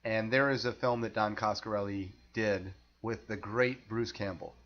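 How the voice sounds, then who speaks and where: A man's voice: lowish voice, steady tone, moderate pace, muffled recording. A man co-hosting a casual film discussion podcast, chatty and easygoing, laughing often. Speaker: podcast co-host.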